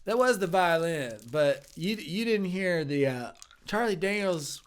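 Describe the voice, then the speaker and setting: A man's voice: high-pitched, lively intonation, unhurried, clean tone, pitched above the performer's own voice. A man playing a sleazy, banjo-loving sugar daddy with a southern drawl who calls everyone hun, in a live improv comedy show. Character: sleazy middle-aged male sugar daddy regular, banjo lover.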